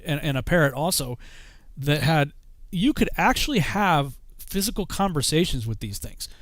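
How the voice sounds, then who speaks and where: A man's voice: on the high side, expressive, moderate pace, fairly bright tone, dry recording. A middle-aged man hosting a casual interview, rambling with restarts. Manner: rambling, many restarts, laughs while telling stories. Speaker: host.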